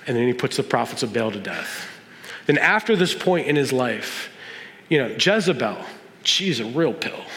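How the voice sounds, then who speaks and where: A man with a slightly higher voice preaches from the pulpit, relaxed and conversational, slipping into quoted voices and light jokes. His words ring out with the long reverb of a big sanctuary. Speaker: pastor. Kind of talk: sermon.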